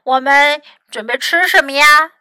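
A woman's voice: sits high, a little slow, pushed and bright, no echo, exaggerated voice. A woman voicing a cross, reclusive male rat who snaps out short questions from behind a locked door. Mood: curt. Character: grumpy reclusive male rat, hidden indoors.

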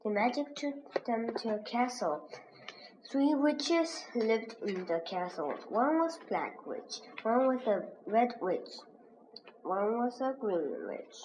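A woman slowly reading a children's reader aloud as a lesson, pronouncing each word with care. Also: a little high, expressive. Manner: slow, careful, clearly pronounced. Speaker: reading teacher. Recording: dull lo-fi recording with faint hiss.

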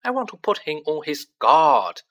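Reader doing a worried dad arguing his case, heated but kind, lively swings in pitch. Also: normal speed. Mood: earnest. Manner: heated and earnest.

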